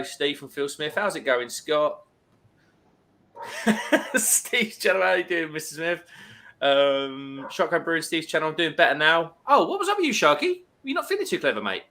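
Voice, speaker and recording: Bright-voiced man reading chat comments. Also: a little high. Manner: reads out viewer comments chattily. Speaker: live stream host. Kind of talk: casual live stream chat.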